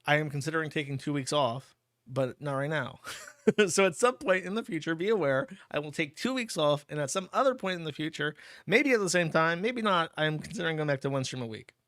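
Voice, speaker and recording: A man's voice: a little high, expressive, brisk, a bit bright, no room sound, clean studio sound. A man hosting a livestream, reading out donations and answering them in a blunt, crude, offhand way. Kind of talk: casual streaming commentary.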